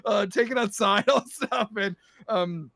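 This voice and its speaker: Man game master, slightly high voice, rambling narration with many fillers, dry sound. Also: a little slow, creaky, pushed and bright, dry recording.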